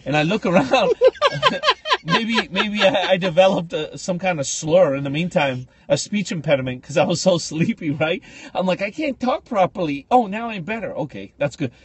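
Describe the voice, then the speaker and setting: A man co-hosting a podcast, telling comic stories in a casual chat and jumping into high squealing voices for the people he quotes. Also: very animated, moderate pace. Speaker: podcast co-host. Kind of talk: comedic storytelling chat.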